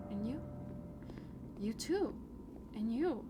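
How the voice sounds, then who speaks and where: A woman talking through a game in soft, earnest, confessional commentary, sometimes dropping to a whisper. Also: on the high side, expressive, measured pace, pauses often. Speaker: gameplay streamer. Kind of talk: reflective gameplay commentary. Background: loud game music.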